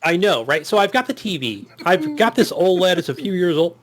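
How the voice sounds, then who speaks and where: A man's voice: high-pitched, lively intonation, a little fast. A man co-hosting a gaming podcast, chatting casually in a rambling, profane way. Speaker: podcast co-host.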